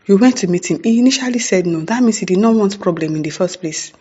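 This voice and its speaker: Speaking fast at a medium pitch, this Nigerian-accented commentator sounds a little mellow with a breathy edge, on a muffled recording. The news talk is casual, full of rhetorical questions, "eh?" and "hmm?" tags, and laughs between points.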